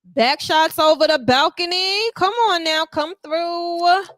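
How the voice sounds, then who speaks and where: Sassy woman doing a tarot reading, high voice, dry close mic, slangy and playful. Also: slow, a bit bright, no room sound. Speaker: tarot reader.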